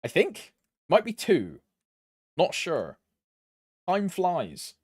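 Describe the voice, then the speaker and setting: Brief: slow, laid-back British man with a British accent, lively pitch, casual stream chat. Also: breathy edge, no echo, studio quality. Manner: laid-back, lots of laughing asides.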